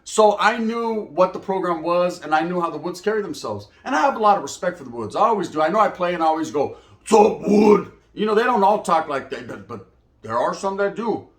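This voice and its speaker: A man telling prison stories in casual slang, animated, often acting out quoted voices. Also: high-pitched, fast talker. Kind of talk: casual storytelling monologue. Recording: echoey room.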